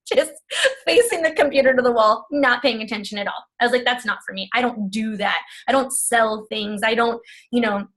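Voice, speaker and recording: On a video call, a fitness coach with a slightly high, fairly bright voice tells her personal coaching story. It comes out chatty and emotional, studded with quotes from herself and other people, and she is tearful at points.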